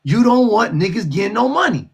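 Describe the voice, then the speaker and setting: A man hosting a live call-in show, mocking and loud, laughing between trash talk. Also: high-pitched, sing-song, brisk, husky.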